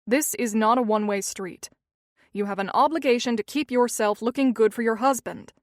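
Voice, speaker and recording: A woman's voice: a little high, moderate pace, no room sound, clean studio sound, close to an everyday voice. A woman voicing a snarling, resentful young husband. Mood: lecturing. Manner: demanding, scolding.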